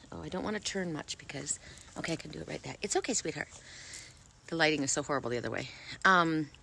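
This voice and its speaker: A woman's voice: deep voice, creaky, bright, forceful tone, slight background noise. Bubbly, talkative woman card reader outdoors. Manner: talkative, bubbly, quick and effervescent. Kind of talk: casual chatty storytelling to camera. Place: outdoors, sitting in wet grass.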